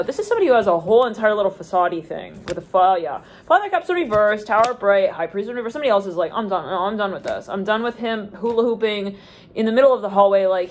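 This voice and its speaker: A woman's voice: mid-range voice, slight background noise. A woman giving an intuitive tarot reading in a rambling, stream-of-consciousness way, with lots of "like" and restarted thoughts. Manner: trails off and restarts mid-thought. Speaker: tarot reader.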